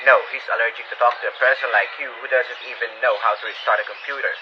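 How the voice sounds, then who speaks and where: A rude, impatient male customer firing off insults at high speed, as a man acts him out. The recording is muffled and hissy with loud noise behind. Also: steady tone, fast, close to an everyday voice. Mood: furious. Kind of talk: comedy sketch role-play.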